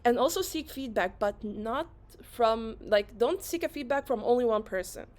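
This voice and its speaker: A woman whose first language is Arabic, giving a fast-paced, energetic motivational talk at an online conference and repeating phrases for emphasis. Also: a little high. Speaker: conference speaker. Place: online session.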